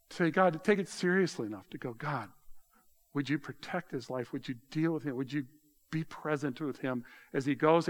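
A man preaching a sermon in a conversational way, explaining words and slowing down to drop softly on key phrases. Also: fairly high pitch. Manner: conversational, explains word meanings, tells people to underline; slows for emphasis, drops soft on key phrases. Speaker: pastor.

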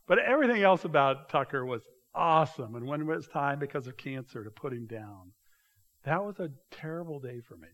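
A pastor giving a conversational sermon, animated and full of restarts, speaking to a church congregation. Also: male voice, fairly high pitch.

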